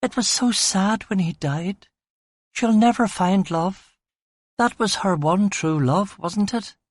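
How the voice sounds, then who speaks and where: A man's voice: sits high, takes it slowly, dry recording, pitched above the performer's own voice. A man voicing a chatty young woman in an audiobook, teasing and sentimental. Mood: wistful. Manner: teasing, giddy questions.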